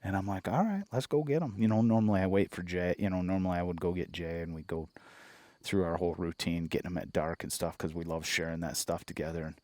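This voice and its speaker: A man's voice: low voice, flat delivery, quick pace, darkish tone, dry recording, studio quality. A man from Michigan hosting a podcast, telling a story in a blunt, casual, profane way. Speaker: podcast host.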